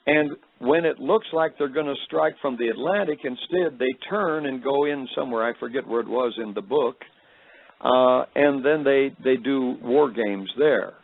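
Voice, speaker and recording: A man recounts a personal testimony in a gravelly, tired voice that sits deep tonight. He rambles and halts, filling gaps with hesitations. The sound is thin and phone-like, as if heard over a radio broadcast. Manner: rambling, halting storytelling with many fillers. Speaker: speaker recounting a vision.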